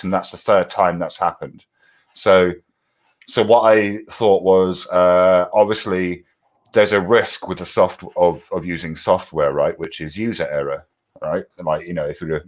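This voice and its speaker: A man with an English accent, chatting and joking casually on a group voice panel. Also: low voice. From England. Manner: joking, chatty, laughs often. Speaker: panel speaker.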